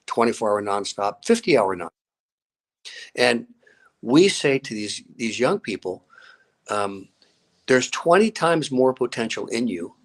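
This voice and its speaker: An older man, a grandfather and coach, telling stories in an interview with energy and acting out both sides of conversations. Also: mid-range voice. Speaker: guest, fitness coach. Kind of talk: animated storytelling in an interview.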